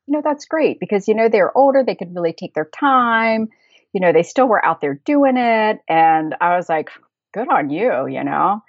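A woman's voice: low voice, no echo. Chatty American woman, lo-fi dry sound. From United States. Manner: chatty, rambling, laughs often. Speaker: podcast guest. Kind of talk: casual chat.

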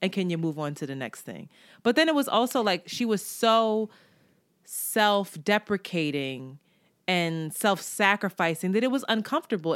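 A woman co-hosting a podcast in casual chat, telling stories in an animated, profane way and acting out what others said. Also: mid-range voice, dry recording, clean studio sound. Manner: animated, profane, storytelling with quoted voices. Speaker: podcast co-host.

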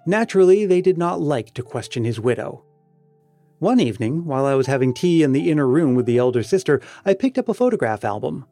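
A man reading a story aloud as narrator, in a measured way that slows for emphasis. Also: a little high, very animated, mellow, faint music behind. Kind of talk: audiobook narration.

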